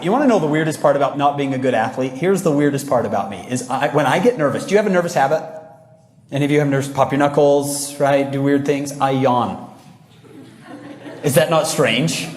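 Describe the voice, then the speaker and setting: A man giving a motivational talk to a young audience, telling lively, self-mocking stories and often asking the crowd questions. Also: fairly high pitch, fairly quick, slight background noise. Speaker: speaker. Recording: echoey large hall.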